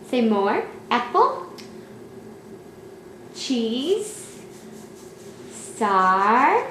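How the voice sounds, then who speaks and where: A woman's voice: on the high side, a bit bright. A woman patiently coaxing her toddler to say words at home, asking the same short questions again and again in a sing-song way. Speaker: parent filming her toddler. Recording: echoey room with faint background hiss.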